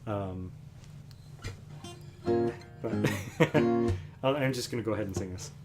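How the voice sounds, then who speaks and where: Laid-back man chatting over loud guitar. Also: fairly low pitch, slow pace. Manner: relaxed, rambling explanations with fillers. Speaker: musician hosting a livestream. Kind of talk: casual chat between songs. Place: home. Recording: guitar playing loudly behind.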